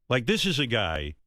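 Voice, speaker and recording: A man's voice: mid-range voice, gravelly, a bit bright, no echo, clean studio sound. A man in his sixties hosting a radio talk show, speaking earnestly and heartfelt, rambling with many restarts.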